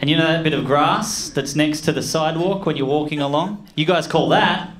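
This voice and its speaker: A man with an Australian accent doing an animated stand-up comedy set, telling stories with loud voiced impressions. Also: on the high side, brisk. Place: comedy club stage with audience laughter. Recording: echoey club with loud room noise.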